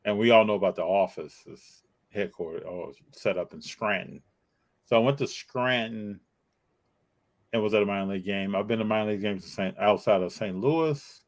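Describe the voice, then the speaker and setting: A man from Chicago co-hosting a casual live-stream chat, animated and reading out viewer comments. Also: deep voice, normal speed, long pauses. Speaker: co-host.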